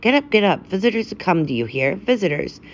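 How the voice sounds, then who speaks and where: A woman's voice: mid-range voice, sing-song, brisk, lo-fi sound, slight background noise, voice pushed up. A woman voicing an anxious wife who insistently urges her husband, in a storybook reading. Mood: urgent.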